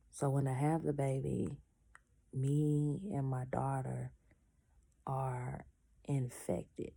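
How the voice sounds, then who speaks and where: A woman's voice: a bass voice, creaky, dark tone. A woman telling a personal story casually, acting out the people she quotes and stopping now and then to say she is in pain.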